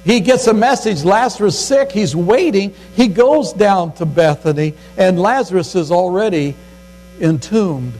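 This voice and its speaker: An older man, a grandfather and pastor, preaches a sermon in a folksy way, acting out scripture quotes with rising pitch. His darkish voice has lively intonation at a measured pace. The recording quality is low.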